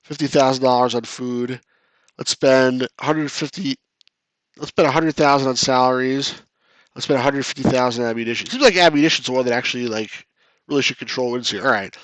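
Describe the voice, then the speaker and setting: Playing a retro strategy game on stream, this man chats casually, reads comments out loud, and pokes fun at his losses. His medium-pitched, fairly bright voice runs a little fast, with no room sound.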